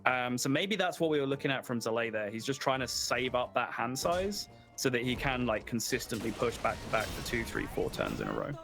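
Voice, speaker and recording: A man's voice: mid-range voice, very animated, fairly quick, hardly any pauses. Male caster, middle voice, thoughtful play-by-play analysis, faint music bed. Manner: analytical, filler-heavy explaining. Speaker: esports caster. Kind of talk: live game commentary.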